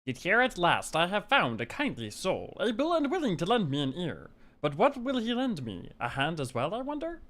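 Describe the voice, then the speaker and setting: A man's voice: sits high, huge pitch swings, moderate pace, hardly any pauses, fairly bright tone, pitched above the performer's own voice, exaggerated voice. A man voicing an ancient, lonely male corn spirit in a game, with grand, old-fashioned delivery. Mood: hopeful. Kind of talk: reading game dialogue aloud in character.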